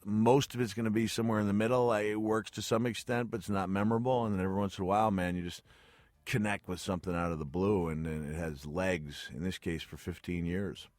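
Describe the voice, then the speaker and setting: A man's voice: sits low, steady tone, quick pace, darkish tone, no echo. A middle-aged man as a radio interview guest, telling stories in a rambling way with restarts and frequent chuckles. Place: radio studio.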